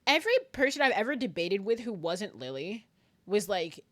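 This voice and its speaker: Giggly, animated woman streamer. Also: medium pitch, moderate pace. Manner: animated and giggly, frequent laughter; self-described very nervous, rambling with restarts. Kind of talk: casual live-stream chat.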